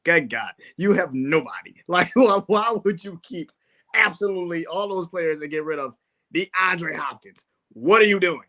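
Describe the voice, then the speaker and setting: A man in casual sports talk who is blunt and swears freely, chuckling between his remarks. His voice sits a bit high and sounds bright and forward. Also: expressive, normal speed. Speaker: sports podcast co-host.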